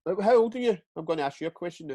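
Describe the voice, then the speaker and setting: A man's voice: high voice, expressive, very fast, dark tone, dry recording. A Scottish man, a retired footballer, tells stories in a casual interview. He swears freely and often stumbles and repeats words. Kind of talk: casual storytelling chat.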